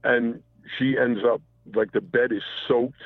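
A man phones in to a talk show and shares a frank personal story, rambling, restarting, and cursing. He speaks at medium pitch with a steady tone, a little slowly, and the phone audio is tinny and dry.

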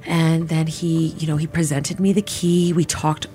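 A woman's voice: low-pitched, flat delivery, a little slow, warm tone, soft background music. A woman giving an emotional personal testimony in a casual, filler-heavy way, acting out what people said. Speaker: interviewee recounting her assault.

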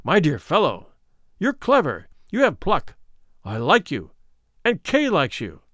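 A man voicing a smooth, worldly and ruthless male doctor who talks in a coolly persuasive, condescending way. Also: a little high, huge pitch swings, measured pace, a bit bright, no room sound, studio quality, heavily acted.

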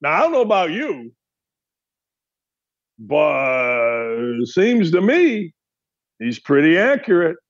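A man's voice: a little high, sing-song, slow, long pauses, muffled recording. A man hosting a sports talk show, delivering a heated, opinionated monologue full of rhetorical questions. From Gary, Indiana area.

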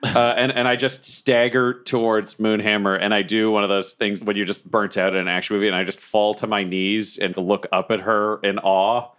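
A man's voice: lowish voice, level tone, moderate pace, fairly bright tone. A man playing a tabletop role-playing game, narrating his character's actions dramatically. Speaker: player.

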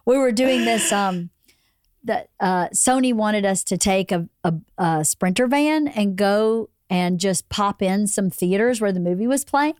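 A middle-aged woman with a Southern US accent hosting a podcast, hoarse from losing her voice, chatting and laughing often. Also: medium pitch, a little mellow, no room sound, studio quality. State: hoarse, recovering lost voice. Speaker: podcast host. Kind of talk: casual chat.

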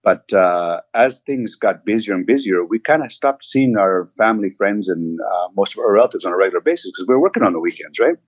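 A man's voice: fairly low pitch, fairly quick, few pauses, no room sound, muffled recording. A man, a restaurant owner, telling rambling stories with lots of asides as a guest in a casual interview. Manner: rambling, animated storyteller, many asides.

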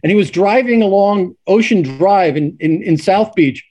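A man's voice: high voice, animated, moderate pace, darkish tone. A middle-aged man, a sportswriter guest, telling stories casually with many restarts and fillers. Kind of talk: casual storytelling.

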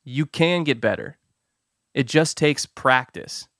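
A man hosting his own podcast, giving advice in an upbeat, quick, self-amused way. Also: mid-range voice, animated, a bit bright, no room sound, studio quality. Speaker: podcast host. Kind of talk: solo podcast advice talk.

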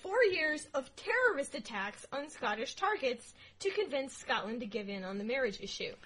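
A woman with a high, bright voice co-hosting a relaxed history podcast. She tells the story with playful asides and sudden loud jokes, and her tone has a husky edge. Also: moderate pace, rough recording. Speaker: podcast co-host. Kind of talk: casual history podcast chat.

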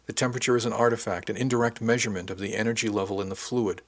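A playful, bossy young woman officer who teases and takes charge, as a male narrator reads her part. The voice sits fairly low, and the delivery is brisk and teasing, like an audiobook read aloud. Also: fairly even intonation, natural voice. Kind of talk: audiobook dialogue reading.

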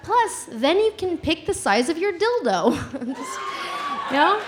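A woman's voice: extremely high pitch, slow pace, noisy background. A woman telling a comic personal story live, giggling and acting out the voices of others. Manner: animated, giggly, acts out quotes.

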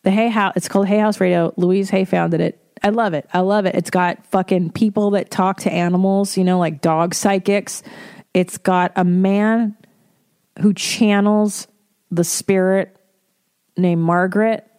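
A woman who is a mother hosting a solo podcast, chatting in a candid, profane and animated way. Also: mid-range voice, measured pace, clean tone. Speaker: podcast host. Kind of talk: casual solo podcast chat.

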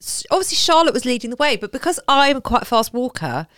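A woman co-hosting a podcast, telling a story in a giggly, animated way. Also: high voice, fast, no echo, studio quality. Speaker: podcast co-host. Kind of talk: casual chat.

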